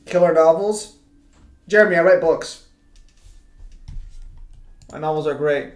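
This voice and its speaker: A man's voice: fairly high pitch, measured pace. A man hosting a casual gaming chat with friends, teasing and laughing often. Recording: echoey room.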